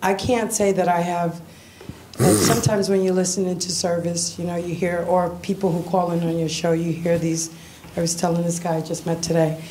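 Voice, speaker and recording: A woman visiting a church, giving a tearful, halting personal testimony with nervous laughs. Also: on the low side, level tone, noisy background.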